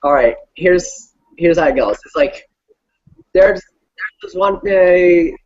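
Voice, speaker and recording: A man's voice: a little high, lively intonation, slow. A man telling a joke in casual chat, hesitant and full of fillers. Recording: dull lo-fi sound.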